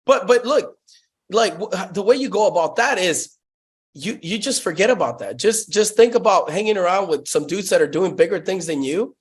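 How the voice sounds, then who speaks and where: A man's voice: sits high, lively intonation, normal speed. A young man telling sales stories in a casual interview, profane and hyped, saying "bro" constantly. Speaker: guest, sales company founder.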